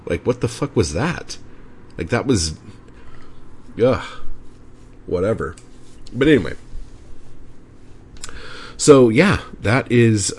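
A man's voice: deep voice, darkish tone, slight background noise. A man hosting a podcast, ranting casually and rambling with lots of swearing and filler words. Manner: profane, rambling, frequent "like" fillers. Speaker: podcast host. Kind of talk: casual solo podcast rant.

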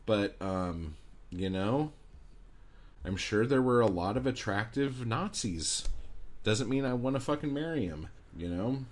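A man's voice: fairly low pitch, animated, unhurried. A man hosting a podcast, delivering an angry, profane, sarcastic rant. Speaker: podcast host.

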